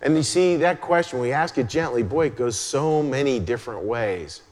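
A man preaching a sermon as a pastor, chatty and conversational, dropping into a soft hush to stress a point. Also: mid-range voice, lively intonation, normal speed. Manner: conversational, drops to a hush for emphasis. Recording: long hall reverb.

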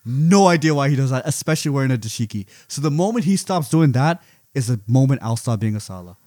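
Cohost guy joking around, makes fun of himself, mid pitch, dry close mic. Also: quick pace, dry recording. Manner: joking, self-mocking, animated storyteller. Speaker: podcast co-host. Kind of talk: casual chat.

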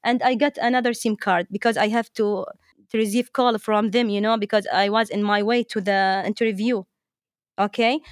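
A woman's voice: mid-range voice, steady tone, moderate pace, smooth, no room sound. Woman, Arabic speaker, storytelling teacher, chatty, repeats words, dry close sound. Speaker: teacher, interview guest. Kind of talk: storytelling anecdote.

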